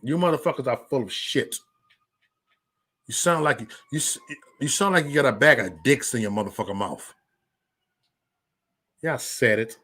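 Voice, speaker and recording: A man's voice: mid-range voice, moderate pace, pauses often, pushed and bright, breathy edge. A man hosting a livestream, ranting angrily and profanely at his critics, stammering and repeating himself as he reads the chat. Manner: profane, heated, repetitive, stammers into restarts; reads out live chat comments. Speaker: livestream host. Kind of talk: angry livestream rant.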